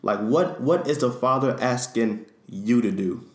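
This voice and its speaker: A man's voice: mid-range voice, unhurried. A man co-hosting a faith discussion, talking in an earnest, teaching way. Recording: echoey room.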